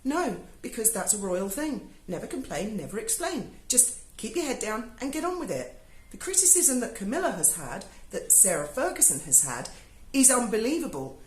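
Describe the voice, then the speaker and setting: A woman's voice: fairly high pitch, very animated, moderate pace. Sarcastic woman ranting, echoey room. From Britain. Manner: sarcastic, swears freely, mocking asides. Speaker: YouTuber. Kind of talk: sarcastic review monologue. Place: home in Spain.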